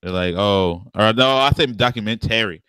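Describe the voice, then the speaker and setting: A podcast co-host from a Southern American family keeps things laid-back and slangy, telling stories and laughing a lot. His voice is on the low side, pushed and bright with a clear, resonant tone, at a moderate pace. No room sound comes through.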